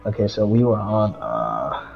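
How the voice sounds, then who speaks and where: A man hosting a casual Bible study, arguing his points emphatically and reading verses aloud slowly. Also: on the low side, sing-song, creaky, muffled recording, faint music behind. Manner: emphatic, talks over the other speaker, reads verses slowly. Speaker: host leading a Bible study.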